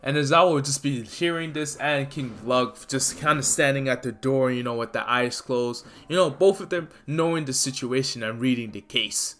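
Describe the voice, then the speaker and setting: A man's voice: mid-range voice, moderate pace, hardly any pauses, a bit bright. A man telling an improvised fan story in a loose, rambling way full of fillers.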